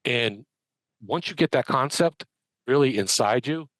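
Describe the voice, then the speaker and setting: A man, a medium and podcast guest, telling anecdotes in an animated, chatty way with many restarts. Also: medium pitch, unhurried, no room sound. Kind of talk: conversational storytelling.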